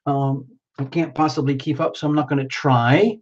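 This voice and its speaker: A man's voice: mid-range voice, fairly even intonation, normal speed, dull audio. Frazzled, worn-out tarot livestream host man. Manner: frazzled, rambling, greets viewers by name. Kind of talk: casual livestream chat.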